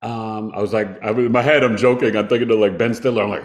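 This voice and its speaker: The guest is a man in his fifties who talks fast, his voice lowish, as he relates a personal story. Animated and conversational, he laughs from time to time.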